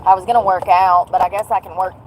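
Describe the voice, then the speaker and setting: A woman's voice: on the low side, quick pace, slight background noise, rough recording. A woman, chatting bluntly and jokingly to a livestream from her car. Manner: blunt, joking and animated, with frequent laughs. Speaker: livestream vlogger. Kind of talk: casual chat to a livestream.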